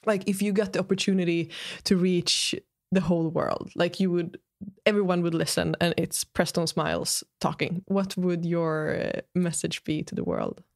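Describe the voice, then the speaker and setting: A woman hosting a podcast interview, speaking softly and warmly affirming her guest before asking reflective questions. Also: on the low side, animated, moderate pace, vocal fry. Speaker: podcast host.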